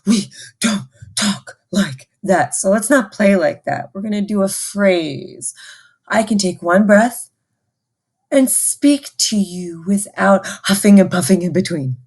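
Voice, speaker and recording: A woman music teacher giving a patient, call-and-response recorder lesson to children. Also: mid-range voice.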